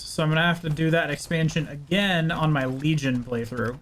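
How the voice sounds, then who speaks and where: A young man with a high voice chats with his viewers while playing a game. He is casual and wry, dropping dry jokes. A faint hum of ambience sits behind him. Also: fairly even intonation, normal speed, few pauses, a bit bright. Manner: chatty, talks to chat, wry. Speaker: game streamer. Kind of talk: casual live-stream commentary.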